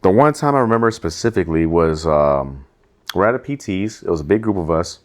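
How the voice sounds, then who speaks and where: Profane low-voiced man telling a story. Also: brisk. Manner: profane, animated storytelling with acted-out quotes. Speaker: podcast co-host. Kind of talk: casual storytelling chat.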